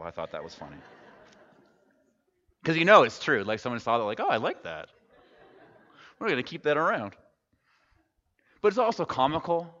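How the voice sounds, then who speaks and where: A pastor with a medium-pitched, pushed, bright voice delivers a sermon, retelling a story conversationally with wry, humorous asides. The sound is dull and lo-fi, captured in an echoey hall.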